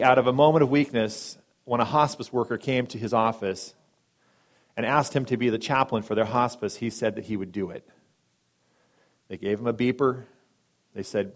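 A man preaching a sermon and telling a story, dramatic, swinging between loud emphatic lines and hushed soft ones, briefly acting out the people in it. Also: on the low side. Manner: acts out quoted speakers in brief voices.

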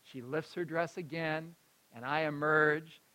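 Man, personal storytelling, high voice, bright and forceful, animated, laughs often, moves between loud and hushed. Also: measured pace, poor audio.

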